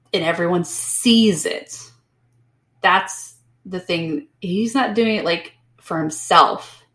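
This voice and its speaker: A woman co-hosting a podcast in casual book-club chat, talking loosely with lots of "like" and acting out characters in quick asides. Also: fairly low pitch, fairly bright tone. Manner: chatty, peppered with "like", acts out characters. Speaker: podcast co-host. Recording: echoey room.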